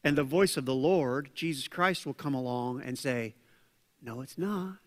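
A man preaching a conversational sermon as pastor, acting out quoted voices with lively asides. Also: mid-range voice, moderate pace. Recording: long hall reverb.

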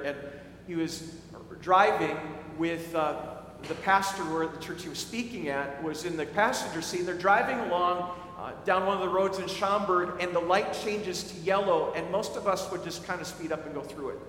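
A man's voice: a little high, fairly bright tone, a little hiss or hum. A man preaching a sermon as a pastor, earnest and often repeating words as he starts a thought. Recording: echoey hall with faint ambience.

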